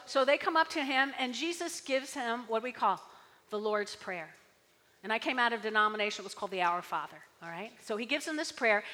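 Bright-voiced woman preaching in a reverberant hall. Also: fairly high pitch. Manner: chatty, tag questions, audience call-and-response. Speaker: pastor. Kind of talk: sermon.

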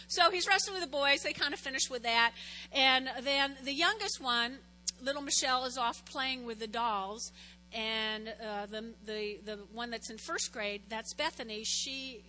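A woman pastor gives a sermon in an echoing church hall. Her voice is high and bright, and she tells her stories with animated, acted-out quotes.

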